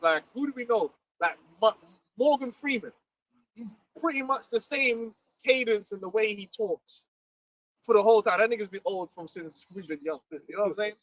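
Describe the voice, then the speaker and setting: A man, chatting casually as host in an animated, slangy way, laughing often. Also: high voice. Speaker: livestream host. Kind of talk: casual chat. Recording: distant mic, faint background noise.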